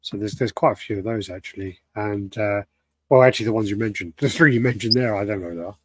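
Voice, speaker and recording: A man's voice: lowish voice, fast, dry recording. A man co-hosting a podcast, chatting casually and recounting events with quoted lines. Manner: storytelling, acts out quoted lines. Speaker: podcast co-host. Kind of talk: casual chat.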